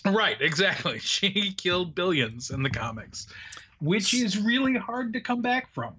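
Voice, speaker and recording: A man co-hosting a casual movie recap podcast, animated and laughing often as he talks. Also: high-pitched, unhurried, slightly rough, muffled recording. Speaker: podcast co-host.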